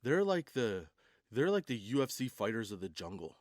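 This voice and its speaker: A man's voice: mid-range voice, sing-song, moderate pace, dry recording, clean studio sound. A man hosting a comedy podcast, rambling through a casual monologue with laughs and restarts. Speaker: podcast host.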